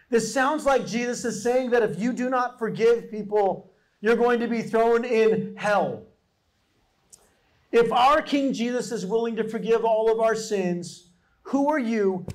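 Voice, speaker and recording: A man preaches a sermon in a very high voice. He is animated and acts out the people in the stories he tells. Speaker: pastor.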